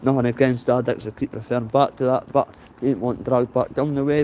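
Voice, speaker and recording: A man's voice: mid-range voice, steady tone, fast, few pauses, dark tone, highs cut off, slight background noise. A Scottish man in his late thirties with a Dundee accent, vlogging while he walks outdoors in the rain. He talks bluntly, swears freely and says "mate" at the end of almost every phrase. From Scotland. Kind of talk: casual walking vlog.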